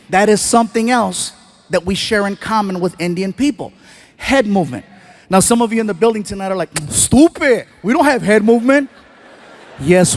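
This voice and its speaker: A man doing live stand-up storytelling on a theater stage into a handheld mic, animated and shouting his punchlines. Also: high-pitched. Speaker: stand-up comedian.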